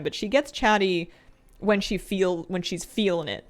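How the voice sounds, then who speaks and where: Chatty woman streamer, rambling softly. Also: mid-range voice, unhurried. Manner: chatty, rambling, laughs often, drifts into soft mumbles. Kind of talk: casual chat while gaming.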